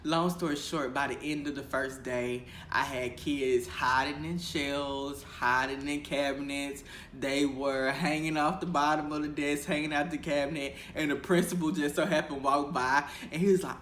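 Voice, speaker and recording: A young man, a teacher, telling stories from his first year in a casual, animated vlog, acting out the voices he quotes and laughing often. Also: medium pitch, moderate pace. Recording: echoey room with faint ambient noise.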